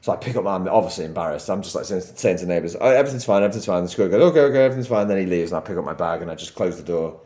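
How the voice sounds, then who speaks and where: A man's voice: low voice, racing, few pauses, dark tone. Give me a young man co-hosting a podcast, chatty and rambling, laughing as he talks, with a roomy echo. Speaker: podcast co-host. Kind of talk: casual storytelling chat.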